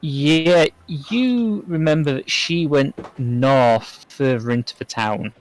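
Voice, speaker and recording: A man's voice: on the high side, slow, low-quality recording. A man narrating casually as the game master of a tabletop game.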